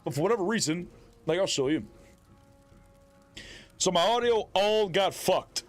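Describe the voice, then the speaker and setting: Animated man streaming live to chat. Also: high voice, a little slow, faint music behind. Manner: loud, animated, shouts catchphrases at chat.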